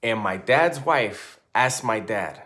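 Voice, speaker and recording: A man in his forties tells a true ghost story casually, animated and profane, often checking in with "right?". His voice sits on the low side and he speaks slowly.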